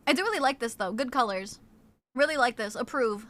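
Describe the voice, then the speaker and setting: A young woman streaming from home, chatting casually with viewers in a bubbly, excited way while snacking on crackers. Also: fairly high pitch, fairly quick.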